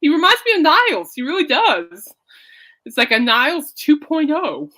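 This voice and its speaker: A woman's voice: high voice, big pitch swings, moderate pace, bright, forceful tone. A woman hosting a casual podcast, rambling and laughing often as she chats. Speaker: podcast host. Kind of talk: casual chat.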